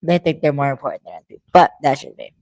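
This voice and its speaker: A woman's voice: a bass voice, sing-song, rapid-fire, creaky, darkish tone, dry recording. A woman hosting a casual solo podcast recap, talking in a rambling, profane way with lots of fillers. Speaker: podcast host.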